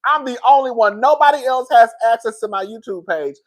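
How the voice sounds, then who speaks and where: A woman talking casually to her viewers on a live stream, reading their comments and getting loud and excited when she is worked up. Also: a little fast. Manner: animated, swings high and loud when worked up.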